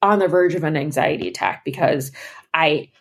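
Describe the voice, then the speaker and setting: A woman's voice: sits low, animated, normal speed, gravelly. A young woman co-hosting a podcast, telling a story in casual chat and acting out both sides of the conversation. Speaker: podcast co-host.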